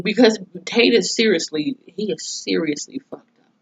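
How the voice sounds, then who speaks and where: A woman's voice: medium pitch, animated, normal speed, vocal fry, slightly rough. A woman recapping a TV episode in a blunt, profane, casual way. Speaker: TV episode reviewer. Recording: dull lo-fi recording.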